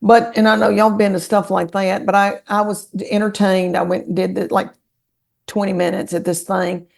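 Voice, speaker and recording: With a creaky, mid-range voice at a moderate pace, this Southern American woman is a podcast guest and comedian. Her casual chat is full of folksy stories told with animated energy.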